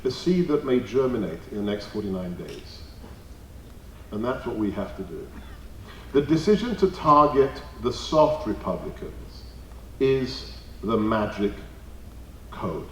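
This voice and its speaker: Animated man giving a rally speech. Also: mid-range voice, a little slow, pauses often, muffled recording, a little hiss or hum. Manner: animated, emphatic, jokey anecdotes. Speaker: guest speaker at a party meeting. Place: meeting hall. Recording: roomy hall, distant mic.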